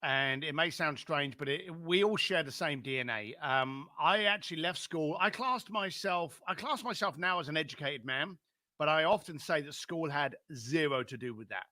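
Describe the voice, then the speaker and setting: A middle-aged man with a London accent, a podcast guest telling his life story in an animated way and acting out other people's lines. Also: on the high side, normal speed, no echo, studio quality. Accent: London English. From London, England.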